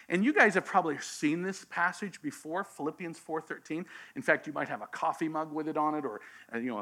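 A middle-aged man preaching a sermon as pastor, telling stories with humor and shifting from hushed to emphatic. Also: high-pitched. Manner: animated storytelling with humor.

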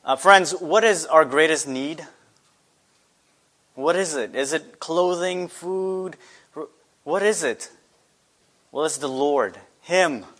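A man's voice: a little high, slow, long pauses, fairly bright tone. A man preaching a sermon earnestly, asking his listeners rhetorical questions. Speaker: pastor.

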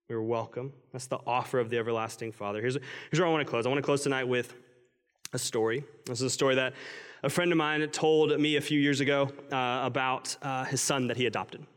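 A pastor delivering a Christmas-season sermon as earnest, conversational storytelling, recorded in a church. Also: male voice, medium pitch, fairly bright tone. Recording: long reverb of a large hall.

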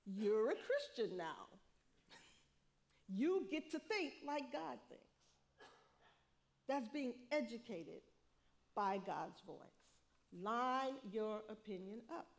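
A middle-aged woman preaching a sermon, lively, laughing often and acting out what people say. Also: on the high side, slow pace, pauses often.

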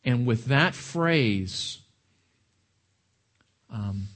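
A man preaches to his congregation in a fairly high voice. He talks in an animated way, repeating and restarting words as he builds his points. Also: normal speed, slightly rough. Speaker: pastor. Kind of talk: sermon.

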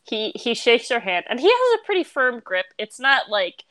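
A woman running a tabletop game as game master, narrating in a lively, chatty way. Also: fairly high pitch, moderate pace, dry recording. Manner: lively, chatty, with laughs and fillers.

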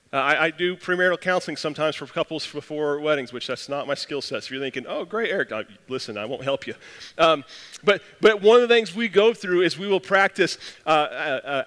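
Guy pastor giving a laid-back sermon, kinda high voice, long church echo. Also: a bit bright. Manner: casual, self-deprecating, storytelling with many restarts. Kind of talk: conversational sermon.

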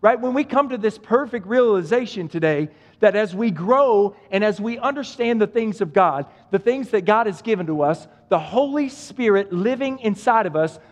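A man's voice: high-pitched, lively intonation, normal speed, few pauses. A male pastor preaching a sermon, speaking with emphatic repetition and addressing the listeners directly. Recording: long hall reverb.

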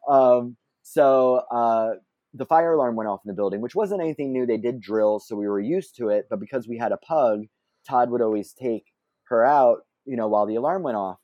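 A man's voice: mid-range voice, normal speed, dry recording, muffled recording. A man telling a long personal story as an interview guest, chatty and self-deprecating, laughing often and breaking off into asides. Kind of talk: casual anecdotal storytelling.

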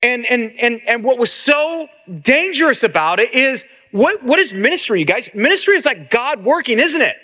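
A man's voice: very high-pitched, very animated, normal speed, pushed and bright. A middle-aged man, a pastor, preaching a sermon in an earnest way, often repeating words as he restarts.

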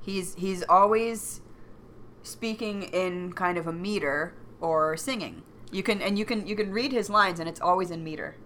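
Female co-host, low-set bright voice, eager and thinking aloud. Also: moderate pace, slight background noise. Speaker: podcast co-host. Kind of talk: casual book discussion chat.

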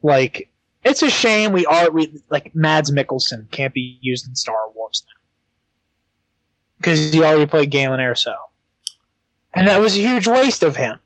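Hesitant young man, slightly high voice. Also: sing-song, a little slow, pauses often, fairly bright tone, no echo, rough recording. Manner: hesitant, many ums and restarts, enthusiastic. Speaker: podcast co-host. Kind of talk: casual chat.

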